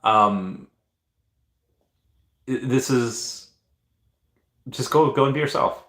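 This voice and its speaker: A man's voice: mid-range voice, slow pace, fairly bright tone. A man in his thirties hosting a livestream, chatting casually and reading out viewer comments, often hesitating and restarting his sentences. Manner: hesitant, restarts often, reads chat aloud. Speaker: livestream host. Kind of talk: rambling casual livestream chat. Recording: echoey room.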